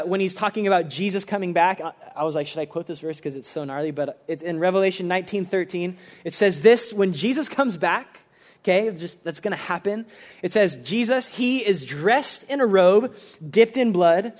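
A young man preaching a casual, animated sermon, talking conversationally and saying "like" often. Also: sits high. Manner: animated, conversational, heavy use of "like".

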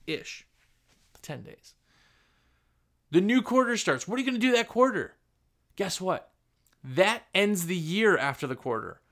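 A man hosting a podcast, giving blunt, animated motivational business talk full of rhetorical questions. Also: high-pitched. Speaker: podcast host.

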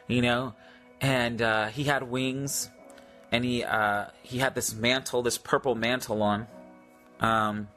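A man's voice: mid-range voice, fairly bright tone. A man ministering in prayer, sharing a testimony and making repeated healing declarations, with many fillers.

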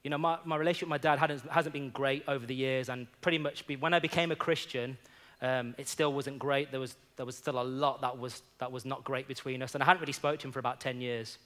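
A man's voice: mid-range voice, steady tone, fast, few pauses, a bit bright. A man preaching in a church, telling personal stories in an earnest, conversational way, often saying "you know". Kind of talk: sermon with personal storytelling.

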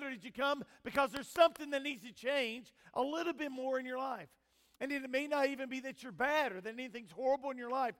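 Older man, pastor, very high voice, loud calls and quiet asides, long church reverb. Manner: preaching with swings between loud emphatic calls and quiet asides; mixes scripture reading with homespun family stories. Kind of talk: sermon. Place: church sanctuary.

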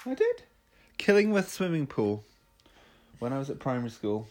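A man from Northumberland, England, co-hosts a casual podcast chat with wry, playful humor. His voice sits at a middle pitch but swings widely, and he laughs often. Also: wildly swooping pitch, moderate pace, faint music behind. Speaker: podcast co-host. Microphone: headphones and mic, podcast.

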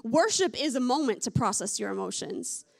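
High-pitched lady giving a sermon, chatty and candid, says "like" a lot. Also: very animated, moderate pace, creaky, darkish tone. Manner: conversational, candid, with many fillers like "like". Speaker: pastor.

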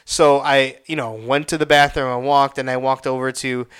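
A man's voice: medium pitch, flat delivery, normal speed, fairly bright tone, clear, resonant tone. A young man casually telling a rambling, profane personal story, full of restarts. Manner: profane, rambling, reenacts his own pained outbursts.

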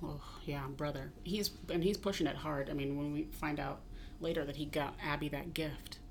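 A woman from the American South co-hosting a podcast in casual, halting talk with many ums and a wry edge. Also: low voice, steady tone, a little hiss or hum. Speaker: podcast co-host. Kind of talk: casual chat.

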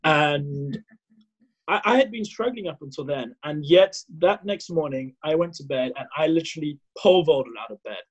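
Husky-voiced storytelling man. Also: a little high, moderate pace, muffled recording. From South Africa. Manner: animated, acts out his own past dialogue, many fillers and restarts. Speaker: podcast guest. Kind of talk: casual storytelling.

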